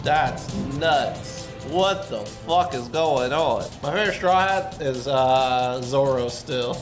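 A man streaming live, reacting casually and excitably while he reads, swearing freely and breaking into sudden shouts. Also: mid-range voice, slow, soft background music.

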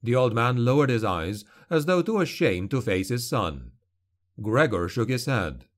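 A man reading a dark fantasy novel aloud in measured, dramatic narration. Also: mid-range voice, sing-song. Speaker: audiobook narrator.

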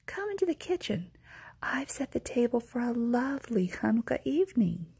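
A woman voicing a kindly, fussy old grandmother in a whispered role-play, soft, doting and chatty. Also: a little high, big pitch swings, moderate pace, creaky, husky, voice pushed up, exaggerated voice.

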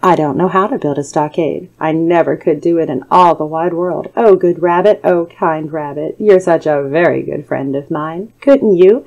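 A woman's voice: low-pitched, darkish tone, rough recording. A woman voicing a hungry male tiger who whines and wheedles for help in a bedtime story. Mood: panicked pleading. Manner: whining, wheedling pleas. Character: hungry pleading male tiger, boastful then desperate.

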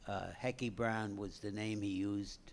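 An older man, a screenwriter, recalling the past on stage in a halting way with many pauses. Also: fairly low pitch, steady tone, a little hiss or hum. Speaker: screenwriter guest. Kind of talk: reminiscing on stage.

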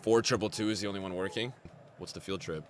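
A young man commentating his own football video game on a stream, with a sore throat, grumbling low and then bursting out loud and swearing. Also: quick pace, background noise. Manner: swings from flat grumbling to loud outbursts, swears a lot. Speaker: gaming streamer. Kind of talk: live gameplay commentary.

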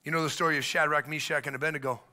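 A middle-aged man preaching a sermon as pastor, animated, often acting out the voices of the people he quotes. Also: on the high side, rapid-fire.

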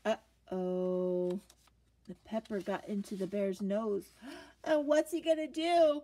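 Slow, animated woman reading a picture book. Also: medium pitch. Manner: animated, asks children questions, gasps. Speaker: storyteller reading to children.

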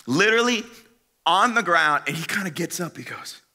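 A man tells a funny sermon story to a youth crowd, his voice bright and forceful. His pitch leaps up and down as he swings between loud bursts and hushed asides. He talks in casual slang, straight to the room. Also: expressive, moderate pace. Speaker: youth conference speaker.

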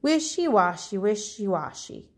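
A woman's voice: mid-range voice, very animated, a little slow. Woman doing a complaining storybook cow. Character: unhappy farm cow, grumbling at bath time.

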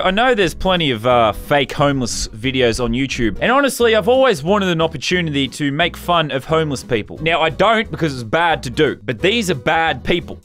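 A brash Australian man doing excitable, profane reaction commentary. His voice is pitched high and swings widely in pitch. He jumps between mock-serious asides and shouted outbursts. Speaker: YouTuber.

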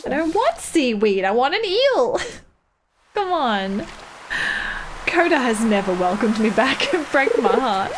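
A woman's voice: high voice, very animated, slow, pauses often, background noise. A woman streaming a game, chatting casually with her viewers and laughing often. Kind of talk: casual live-stream chat while gaming.

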